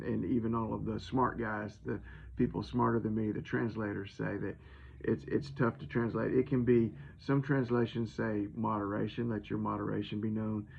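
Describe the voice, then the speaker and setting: A man's voice: on the low side, gravelly, breathy edge, muffled recording. A man giving an informal, folksy sermon, retelling scripture in his own conversational words. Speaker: preacher.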